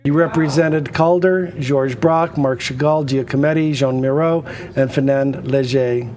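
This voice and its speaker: A man's voice: medium pitch, fairly even intonation, unhurried, crowd noise. A man hosting a live TV art auction, rambling and chatty, drifting into anecdotes. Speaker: auction show host. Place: studio.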